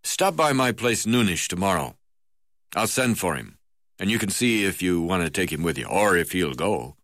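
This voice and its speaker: A man's voice: low voice, big pitch swings, normal speed, fairly bright tone, no echo, studio quality. A man reading an audiobook voices a crusty, hard-drinking older male magistrate with coarse, blustering talk. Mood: gruff. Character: crusty old male colonial magistrate, boozy and gruff.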